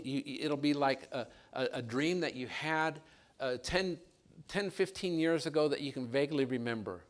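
Guy preaching a sermon, telling a story all animated, gets louder and higher when it builds up. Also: moderate pace. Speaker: pastor.

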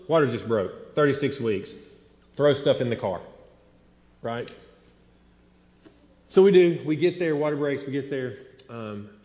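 A man in his thirties preaching a sermon, telling stories with animated swings between loud and hushed delivery. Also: medium pitch. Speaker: pastor. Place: large church sanctuary. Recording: echoey hall with long reverb.

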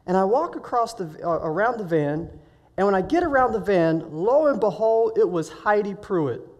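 A man's voice: high-pitched, moderate pace, highs cut off. Man telling a story in a sermon, echoing hall. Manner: animated, acts out dialogue in his story. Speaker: week of prayer speaker. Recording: reverberant hall.

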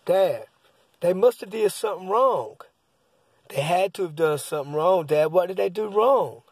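A man's voice: high-pitched, lively intonation, moderate pace, husky, dry recording, pitched above the performer's own voice, heavily acted. A man voicing his seven-year-old son, an upset and insistent little boy pleading with his father.

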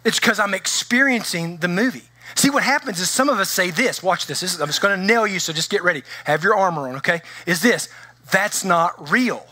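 Animated, bright-voiced man preaching. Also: high voice, fast talker, few pauses. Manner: conversational, animated preaching with frequent restarts. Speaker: pastor. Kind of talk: sermon. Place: church sanctuary.

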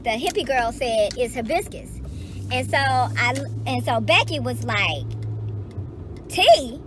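Woman vlogger, slightly high voice, talking in a car with loud traffic noise behind; candid, wry storytelling. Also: lively intonation, unhurried. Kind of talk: casual storytelling while driving.

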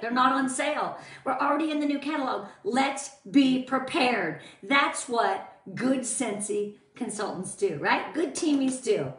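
A woman's voice: fairly high pitch, recorded from a distance. Bubbly woman in an echoey room. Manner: bubbly and chatty, greets viewers by name. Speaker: team leader of sales consultants. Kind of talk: casual live-stream training.

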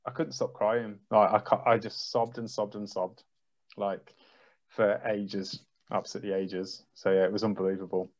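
A man's voice: lowish voice, flat delivery, normal speed. A man, a trampoline coach, telling an emotional story on a video call and acting out his own reactions. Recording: dull lo-fi video call audio.

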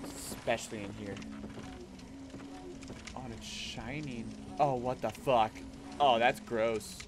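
A man streaming a video game, reacting loudly and swearing at enemies while he plays. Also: mid-range voice, takes it slowly, creaky, noisy background. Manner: excitable, swears and shouts at enemies. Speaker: gaming streamer. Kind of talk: live gameplay commentary.

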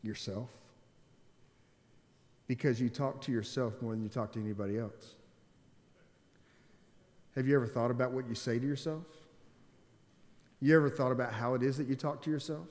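A man's voice: mid-range voice, steady tone, moderate pace, long pauses, darkish tone. A man preaching a sermon, emphatic, repeating key phrases and putting questions to the congregation. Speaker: pastor. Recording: long hall reverb.

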